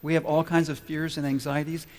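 Emphatic preacher in a reverberant hall. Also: male voice, a little high, level tone. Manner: emphatic, repeats key phrases slowly. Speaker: pastor. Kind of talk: sermon. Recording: long reverb of a large hall.

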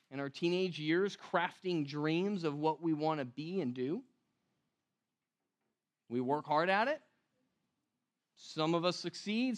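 A pastor delivers a sermon in a conversational style, his voice on the high side. He often poses questions to the room and slows down to emphasize key words.

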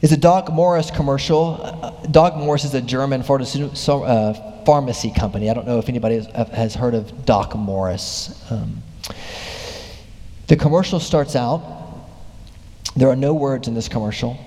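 A man's voice: mid-range voice, moderate pace. A man preaching a sermon, retelling a story with growing animation. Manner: animated storytelling, voice rising with excitement. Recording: long hall reverb.

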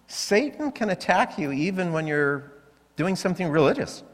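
A man preaching a sermon, telling stories and acting out the voices he heard. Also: sits high. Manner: animated storytelling, acting out voices. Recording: long hall reverb.

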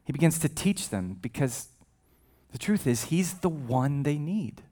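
A male pastor preaching a sermon with a fairly high voice. He talks casually and with humor, often breaking off for asides. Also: lively intonation, unhurried, mellow. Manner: conversational and humorous, with frequent asides.

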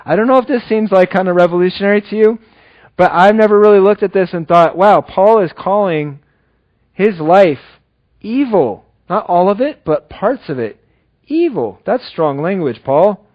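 A man preaching a sermon in an earnest, conversational way, dropping low and slow when he reads scripture. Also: expressive, no room sound, highs cut off. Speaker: pastor.

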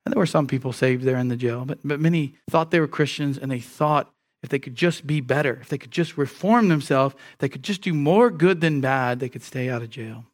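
A man's voice: medium pitch, a little fast. A man preaching an expository sermon, emphatic and often repeating words as he teaches.

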